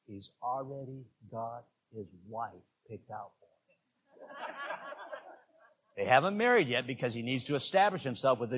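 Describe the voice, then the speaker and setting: A man preaching as a visiting evangelist, talking directly to the congregation and climbing into loud, shouted peaks on key words. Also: mid-range voice, slightly rough. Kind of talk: sermon. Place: church.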